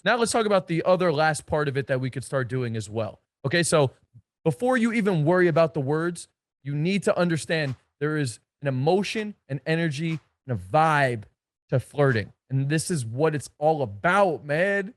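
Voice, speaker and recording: A man's voice: fairly high pitch, expressive, moderate pace, dry recording, studio quality. A man coaching on dating, talking emphatically and bluntly with swearing and punchy repetition. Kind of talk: energetic coaching talk.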